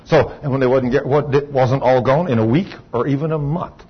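A man's voice: mid-range voice, a little fast, husky. A man preaching a sermon in a fervent, folksy storytelling way. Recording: dull lo-fi recording. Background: congregation saying amen.

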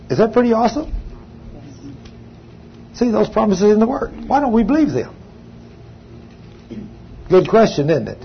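An older man preaching a sermon, telling a testimony with emphatic, drawn-out phrases. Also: sits high, big pitch swings, creaky. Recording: slightly dull sound, faint background hum.

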